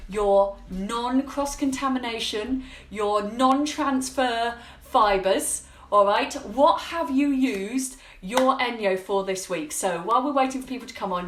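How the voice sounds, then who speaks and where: A woman's voice: a little high, reverberant. A woman hosting a casual live stream from her home kitchen, chatty and upbeat, greeting viewers by name. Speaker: host of a live cleaning-product show.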